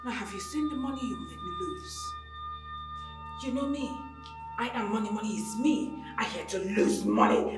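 A woman's voice: fairly high pitch, recorded from a distance. An angry hotel madam, scolding and threatening in a raised voice. She sits a little back from the mic in an echoey room, with music underneath. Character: furious greedy woman hotel madam.

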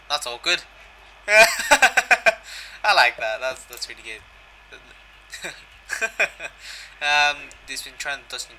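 A man's voice: medium pitch, bright, forceful tone, a little hiss or hum, poor audio. A young man giving a casual, jokey video game walkthrough, swearing and reading the in-game dialogue aloud. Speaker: gaming channel host.

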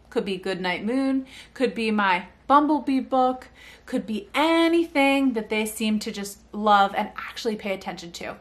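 A woman's voice: medium pitch, pushed and bright. A young woman who works as a speech therapist, talking parents through activities in a casual, chatty way and breaking into sing-song baby talk for the examples. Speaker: speech-language pathologist.

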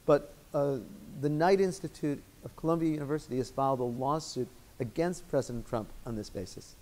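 A man with a Chicago accent, a guest lecturer giving measured, articulate legal answers in a law school lecture room. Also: a little high, darkish tone. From Chicago, United States.

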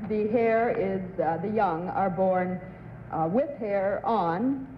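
A woman contestant on a game show, answering a question slowly and carefully. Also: medium pitch, slight background noise. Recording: echoey, muffled 1960s broadcast audio.

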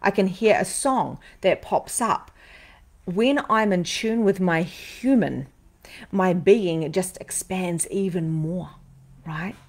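Animated, lowish woman live-streaming. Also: slow. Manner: animated and swearing freely, with bursts of laughter; repeats phrases for emphasis. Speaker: psychic medium and podcast host. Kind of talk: live-stream talk to viewers.

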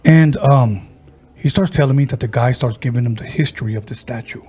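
A man hosting a podcast, casually retelling a ghost story he heard and slipping into the voices of the people in it, with halting restarts. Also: medium pitch, mellow, husky. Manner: halting, with frequent restarts and fillers. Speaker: podcast host.

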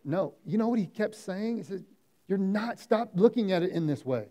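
A man's voice: sits high, expressive, normal speed, dark tone. A man with an Oklahoma accent preaching a sermon as pastor in a conversational way, often acting out the voices of people he quotes. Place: church sanctuary.

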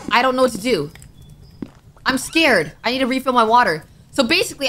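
A young woman giving let's-play commentary, jumpy and excitable, quick to panic and squeal at scares. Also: a little high, a little hiss or hum. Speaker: gaming YouTuber.

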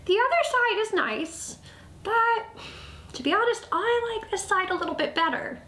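A woman voicing a small, timid male field mouse with a squeaky, polite voice. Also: lively intonation, normal speed, sharp tone, full character voice. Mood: earnest. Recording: echoey room, faint background noise.

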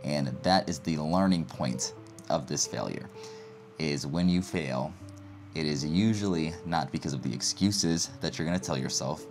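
Deep-voiced man in casual vlog chat. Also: moderate pace, darkish tone, soft background music. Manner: rambling, loose, filler-heavy storytelling. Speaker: physician vlogger. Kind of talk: casual talking-to-camera vlog.

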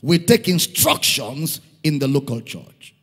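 A man's voice: a little high, big pitch swings, unhurried, a bit bright, husky. A middle-aged Nigerian man preaching a sermon in a church hall, emphatic, repeating key lines for stress. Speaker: pastor. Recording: long hall reverb.

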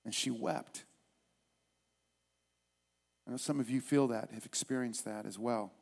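A man's voice: medium pitch, fairly even intonation, a little slow, vocal fry, darkish tone. A male pastor preaching a sermon at a church service in an emphatic, repetitive way.

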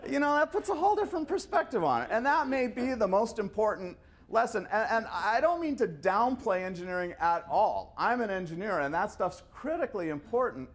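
A man's voice: high voice, big pitch swings, a little fast, hardly any pauses, a little hiss or hum. A man in his fifties giving a conversational lecture full of anecdotes, often stumbling and repeating his words. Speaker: guest lecturer. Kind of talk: storytelling lecture.

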